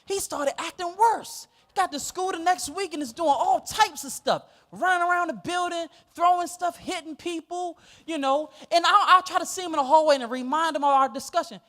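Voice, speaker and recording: A male pastor telling a story in a sermon, animated and laughing as he goes. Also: extremely high pitch, normal speed, hardly any pauses.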